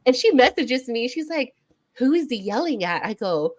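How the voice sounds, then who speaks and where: A woman's voice: a little high, moderate pace. Laughing woman telling a work story. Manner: animated storyteller, laughs often, acts out quotes. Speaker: podcast co-host. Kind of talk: casual chat, storytelling.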